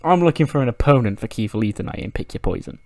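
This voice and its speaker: A man quoting a smug, scheming male wrestling champion, his pitch jumping up now and then. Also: animated, fast talker, a little mellow, dry recording, close to an everyday voice.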